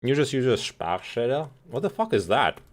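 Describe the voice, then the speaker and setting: A man's voice: mid-range voice, sing-song, moderate pace. A man livestreaming and reacting to a video, chatting casually, swearing freely, and talking while he eats. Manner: chatty, swears often, laughs, talks while eating. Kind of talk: casual chat.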